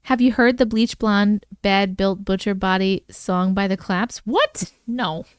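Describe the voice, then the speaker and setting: A woman hosting a casual livestream, chatting excitedly and reacting to viewer comments as she reads and discusses their stories. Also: medium pitch, unhurried, clean tone, no echo, clean studio sound.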